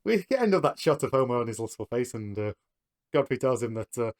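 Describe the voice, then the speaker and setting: Fast-talking man recapping a plot. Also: mid-range voice, big pitch swings. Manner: brisk, chuckling between beats. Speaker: podcast co-host recapping the episode. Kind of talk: casual chat, plot recap.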